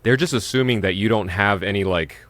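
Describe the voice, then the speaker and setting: A man's voice: lowish voice, brisk, a bit bright, no room sound. A man hosting an interview, speaking in a loose, chatty way with plenty of fillers. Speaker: podcast host. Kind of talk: casual interview chat.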